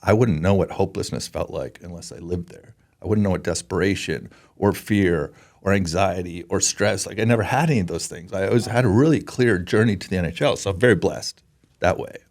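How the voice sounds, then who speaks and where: A man's voice: low-pitched, a little fast, darkish tone. A man in his forties from Canada, a podcast guest who speaks in an earnest, emotional way and often halts and restarts. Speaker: podcast guest, former pro hockey player. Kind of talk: candid interview talk.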